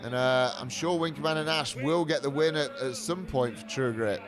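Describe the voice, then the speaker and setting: A man's voice: mid-range voice, normal speed. A man doing play-by-play wrestling commentary in an upbeat, slightly hesitant way.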